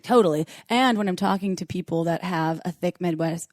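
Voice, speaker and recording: A woman from Wisconsin co-hosting a podcast in casual chat. She is a fast-talking, animated storyteller. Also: on the low side, dry recording, studio quality. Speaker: podcast co-host.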